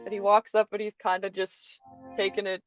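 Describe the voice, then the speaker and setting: A woman player in a tabletop game, describing her character in a halting, giggly way with many fillers. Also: mid-range voice, little pitch movement, muffled recording, soft background music. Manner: hesitant, giggly, lots of fillers.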